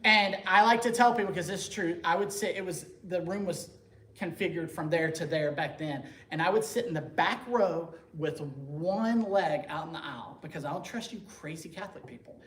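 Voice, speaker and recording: A man telling his conversion story to a parish group in a lively, joking, conversational way. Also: fairly high pitch, normal speed. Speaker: speaker giving a conversion testimony. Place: church meeting room. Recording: echoey room, faint background noise.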